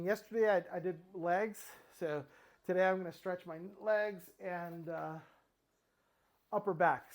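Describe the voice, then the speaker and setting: A man's voice: high voice, a little mellow. Chatty middle-aged man, slightly winded. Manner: rambling, lots of fillers and restarts. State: a little out of breath. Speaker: fitness vlogger. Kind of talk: casual talk while exercising.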